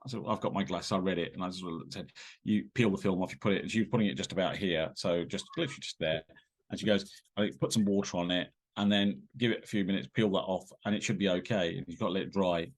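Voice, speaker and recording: A man tells stories as a guest on an interview podcast. He talks quickly, rambling along with plenty of fillers and restarts. His delivery is animated, with sudden jumps in pitch when he acts out a scene. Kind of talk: casual anecdote telling.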